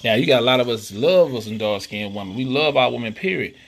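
Gravelly-voiced man hosting a podcast. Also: medium pitch, animated, fast talker. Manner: conversational, preachy, repeats "you know what I'm saying". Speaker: podcast host. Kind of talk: casual monologue.

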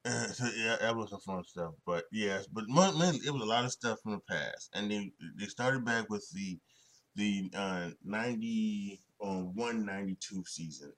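Rambling low-voiced man on a sports podcast. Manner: rambling, many restarts and fillers, chuckles often. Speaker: podcast host. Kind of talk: solo sports podcast commentary.

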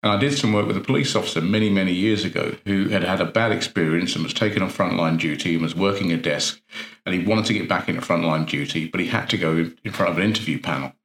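Earnest low-voiced man coaching. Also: quick pace, a bit bright. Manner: earnest, rhetorical questions, repeats phrases for emphasis. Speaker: NLP practitioner and coach. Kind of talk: motivational talk. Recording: roomy echo.

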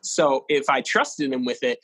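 A young man casually telling a personal story as an interview guest, in an animated way and with lots of "like". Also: mid-range voice, a little slow, no room sound, low-quality recording. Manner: animated, fills speech with "like".

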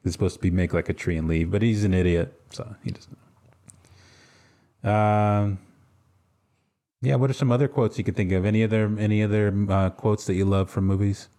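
Man, podcast host, casual chat, rambling, filler-heavy, lowish voice. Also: normal speed, pauses often. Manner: relaxed, rambling, many fillers.

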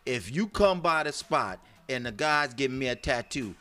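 A man chatting casually as a podcast co-host, animated and laughing often as he acts out voices in his stories. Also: mid-range voice, normal speed, soft background music. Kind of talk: casual chat.

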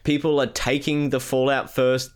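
Man, podcast co-host, gaming chat, sweary rant, mid pitch. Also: little pitch movement, moderate pace. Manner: profane, ranting, mocking impressions.

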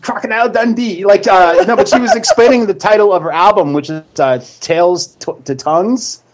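A man's voice: sits high, fairly quick. A man co-hosting a casual radio chat, rambling with many fillers and frequent laughs. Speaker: co-host.

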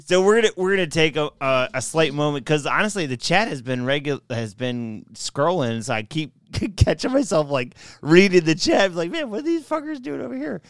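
A man's voice: a little high, expressive, moderate pace, few pauses, clean tone, no room sound, studio quality. A man hosting a live stream, rambling and swearing casually. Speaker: streamer host.

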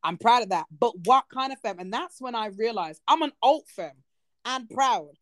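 A woman in her thirties chatting casually on a talk show, animated and expressive, with quick asides. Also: on the high side, no room sound, studio quality. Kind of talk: casual chat.

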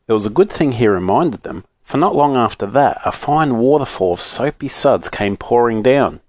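A man reads a children's story aloud with an expressive, animated delivery. His pitch rises and falls a great deal around a middle level. The recording is dry and close. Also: normal speed, few pauses, no room sound.

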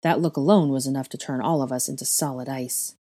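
A woman's voice: extremely low pitch, fairly even intonation, brisk, dark tone. A woman expressively reading a story aloud as narrator. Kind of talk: fan fiction reading.

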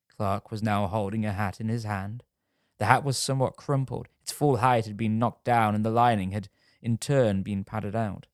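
A man reading a scripted true-crime story in a measured storytelling manner. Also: on the low side, steady tone, no room sound, clean studio sound. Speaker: narrator.

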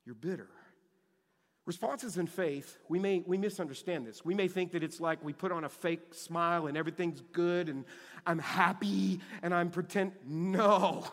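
A man preaching a sermon as pastor, impassioned, swinging between loud emphasis and hushed lows, repeating words as he goes. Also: normal speed, in a large hall. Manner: repeats words and restarts phrases.

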